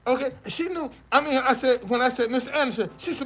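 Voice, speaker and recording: A man's voice: very high voice, a little fast, few pauses, fairly bright tone. A man giving a personal testimony to an audience, with casual slangy speech and stammering restarts as he tells his story. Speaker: motivational speaker.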